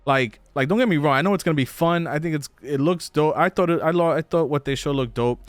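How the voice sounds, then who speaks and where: Podcast host dude rambling on, smooth clear voice, dry close mic. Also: male voice, fairly high pitch, fast, no room sound. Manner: loose, rambling, cursing. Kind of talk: casual chat.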